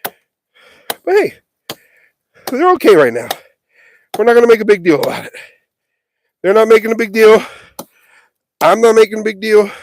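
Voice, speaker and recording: A man chats into his phone outdoors on a windy farm, poking fun at himself as he works. His voice sits high and bounces around a lot, and he sounds winded and sweaty from the effort. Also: expressive, fairly quick, gravelly, pauses often. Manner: jokey self-mocking chatter while working outdoors. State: out of breath and sweaty. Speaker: livestreamer. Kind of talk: casual live vlog. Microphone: phone held or carried while working.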